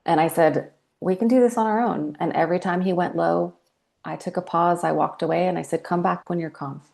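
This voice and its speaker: Low, gravelly woman in her forties. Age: 40s. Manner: reflective storyteller, calm and measured. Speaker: podcast guest. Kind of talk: candid interview talk.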